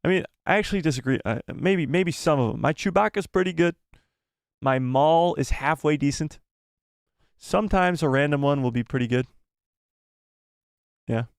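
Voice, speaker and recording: A man's voice: fairly high pitch, moderate pace, creaky, long pauses, smooth, no echo. A man hosting a casual live stream, reading viewer messages in a jokey, self-deprecating, rambling way into a close microphone. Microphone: close desk microphone.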